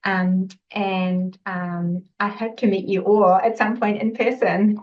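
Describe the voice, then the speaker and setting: A woman researcher presents her linguistics work in a recorded talk. She speaks in a measured way at a middle pitch and often pauses on um and uh. The audio is slightly dull and lo-fi. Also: level tone. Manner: measured, with frequent um and uh fillers.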